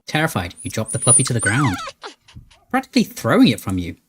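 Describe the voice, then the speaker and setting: A playful man hosts a let's play, reading a horror game's narration aloud with dramatic flair and joking asides. His pitch moves a lot. Game music sits clearly behind him. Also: wildly swooping pitch, fast. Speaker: gaming channel host.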